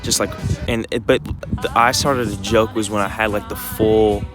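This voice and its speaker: A man's voice: on the low side, fairly even intonation, normal speed, over music. A young man vlogging while walking his dog outdoors, talking in a loose, rambling way full of fillers and restarts. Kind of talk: casual rambling walk-and-talk.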